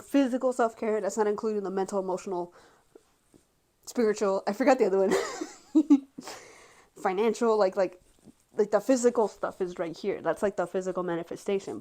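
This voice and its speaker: Rambling young woman talking to camera. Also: medium pitch. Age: 20s. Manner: rambling, heavy use of filler words, frank and expressive. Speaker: vlogger. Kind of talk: casual monologue to camera.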